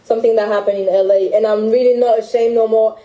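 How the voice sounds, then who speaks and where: A young French woman with a French accent, recounting a personal story in halting speech full of restarts. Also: on the high side, fairly even intonation, mellow, roomy sound, highs cut off. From France. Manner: halting, with many restarts and fillers. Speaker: guest telling her story. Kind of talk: emotional personal account.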